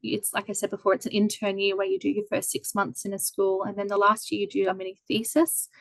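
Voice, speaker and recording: An Australian woman in her thirties, a guest telling a story in a casual interview over a video call, lively and acting out quoted voices. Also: medium pitch, quick pace, creaky, dry recording, rough recording.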